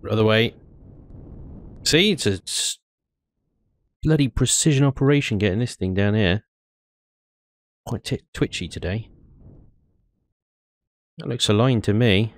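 A chatty man talks through his game session in a lowish voice, excitable and quick to laugh. The recording is close and dry, with no room sound around him. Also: dry recording. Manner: chatty, excitable, laughs often, mild British slang. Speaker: gaming YouTuber. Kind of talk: casual let's-play commentary.

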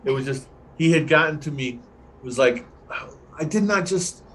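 An older man, a veteran camera assistant, telling a relaxed anecdote as a guest on a video-call Q&A and acting out the dialogue. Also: on the high side, moderate pace, poor audio. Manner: relaxed anecdotal storyteller, acts out quoted dialogue. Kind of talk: storytelling in an online Q&A.

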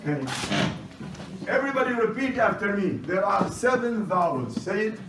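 Brisk, commanding man teaching a class. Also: high-pitched, sing-song, heavy background noise. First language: Chaldean Aramaic. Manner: brisk, commanding, repeats instructions. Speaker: priest teaching an Aramaic class. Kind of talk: classroom lecture. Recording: roomy, distant classroom recording.

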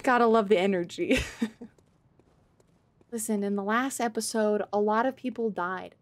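A woman's voice: medium pitch, unhurried. A woman streaming a game live, reacting playfully, swearing and laughing as she talks to her chat. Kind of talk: live gameplay commentary.

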